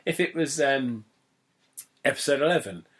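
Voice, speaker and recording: A man's voice: medium pitch, expressive, moderate pace. A young man from England hosting a podcast in casual, rambling, jokey chat that keeps wandering into digressions. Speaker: podcast host.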